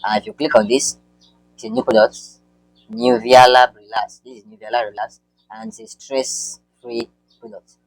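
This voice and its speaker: A man walking viewers through an online marketing tutorial on screen, talking in a halting way with repeated words and many fillers. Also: mid-range voice, little pitch movement, no room sound, low-quality recording.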